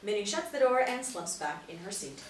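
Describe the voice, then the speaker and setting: A woman narrator reading the stage directions at a table read, steady and matter-of-fact. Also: mid-range voice, normal speed, slight background noise. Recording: roomy, distant mic.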